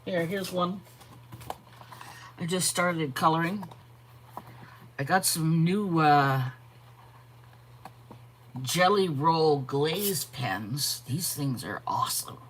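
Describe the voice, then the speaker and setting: A woman hosting a live art stream, chatting casually, greeting viewers by name and pausing to yawn and correct herself. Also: low voice, slight background noise. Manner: frequent yawns and self-corrections. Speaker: art channel host.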